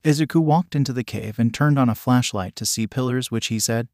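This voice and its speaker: A man narrating fan fiction in a flat, even, scripted reading. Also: medium pitch, a little fast, hardly any pauses, dry recording, clean studio sound. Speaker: fanfic reader.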